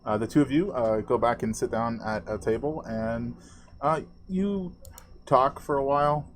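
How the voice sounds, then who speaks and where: A man narrating as game master of a tabletop game, halting and full of fillers. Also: mid-range voice, slight background noise.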